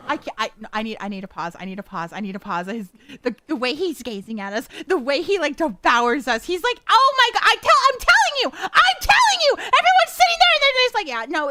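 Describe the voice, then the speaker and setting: A woman reacting to a game in casual commentary, excitable, flustered and giggly. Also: extremely high pitch, no room sound. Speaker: streamer.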